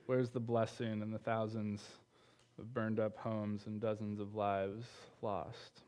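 A man on a church's teaching team preaches slowly in a fairly low, darkish voice that barely moves in pitch. His conversational sermon is full of repeated words and questions directed at those listening.

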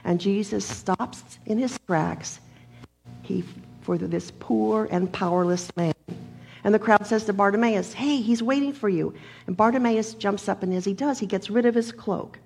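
A woman preacher delivers her sermon in a voice that is gravelly and slightly husky. She speaks in a measured, emphatic way and builds her points through repetition. Her pitch sits in a middle range. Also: fairly even intonation, darkish tone, faint music behind.

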